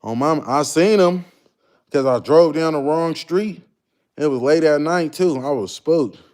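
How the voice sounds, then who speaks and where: A man's voice: fairly high pitch, a little slow. Slangy young man hosting a livestream. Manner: loose, slangy, shouting out viewers by name. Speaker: livestream host. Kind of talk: casual livestream chat.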